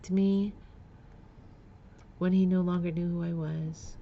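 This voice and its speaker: Vlogger woman with a gravelly edge, raw and candid, lo-fi recording. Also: on the low side, level tone, measured pace, mellow, slight background noise. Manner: candid, emotional, with nervous laughs and repeated words. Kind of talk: personal storytelling vlog.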